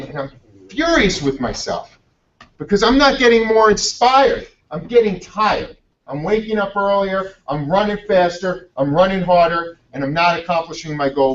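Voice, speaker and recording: Energetic, blunt male motivational speaker, high voice, distant and muffled. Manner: energetic, blunt, swears freely. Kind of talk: motivational storytelling talk.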